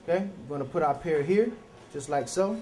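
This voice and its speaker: Man, slightly higher voice, folksy cooking teacher; roomy echo with faint ambience behind. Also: a little fast, a little mellow, a little hiss or hum. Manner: chatty, folksy, checks in with "okay?". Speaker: culinary teacher. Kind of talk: live cooking demonstration.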